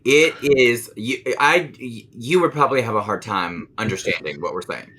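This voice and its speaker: A man's voice: medium pitch, normal speed, pushed and bright, a little hiss or hum. A man co-hosting a podcast, giving opinions in casual chat and repeating points for emphasis. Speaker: podcast co-host.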